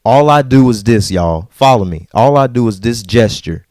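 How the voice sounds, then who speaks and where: A man hosting a podcast, telling a story in a casual, animated and profane way and acting out the people in it. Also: lowish voice, moderate pace, dry recording, studio quality. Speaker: podcast host.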